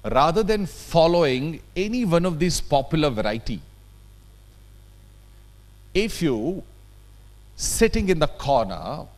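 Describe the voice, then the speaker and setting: A man's voice: a little high, sing-song, slow, pauses often, a little mellow. A man with an Indian English accent leading a workshop, talking emphatically and often checking in with his audience. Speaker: workshop trainer. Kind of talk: lecture workshop. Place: conference hall.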